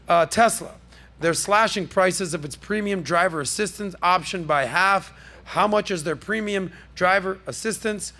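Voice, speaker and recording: A man hosts a casual podcast in a brash, jokey, salesman-like way. His voice sits high and has a gravelly rasp with a bright, forceful edge. He speaks from a podcast studio. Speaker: podcast host. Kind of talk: casual pop-culture podcast commentary.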